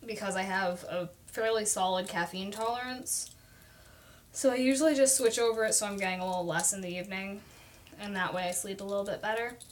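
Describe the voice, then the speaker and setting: High-pitched young woman streaming from her desk at home, rambles a lot and talks super fast. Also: a little hiss or hum. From Oklahoma, USA. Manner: rambling, fast-talking, chatty. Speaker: livestream host. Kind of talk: casual live-stream chat.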